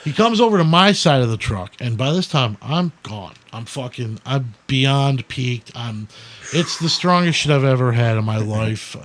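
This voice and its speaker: A man from Detroit, a guest on a podcast, telling a wild story in a casual, profane, animated way. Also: mid-range voice, moderate pace. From Detroit, USA. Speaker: guest, music producer.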